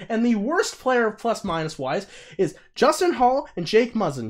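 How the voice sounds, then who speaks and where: A young man with a fairly high voice co-hosts a casual sports chat. He rants in bursts and swears constantly, getting louder as he heats up. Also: measured pace, hardly any pauses. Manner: ranting, heavy swearing, excitable. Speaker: podcast co-host.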